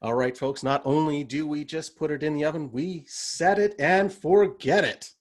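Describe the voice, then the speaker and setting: A showy male infomercial pitchman, as a man puts him on in a radio voice. The voice sits somewhat high and selling hard. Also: moderate pace, close to an everyday voice. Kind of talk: impression with a radio voice.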